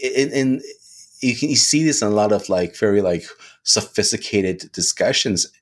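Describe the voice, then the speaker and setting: A man talking casually on a podcast, animated, restarting phrases and often asking "right?". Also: on the low side, moderate pace. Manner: animated, repeats words, lots of "right?". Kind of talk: casual discussion.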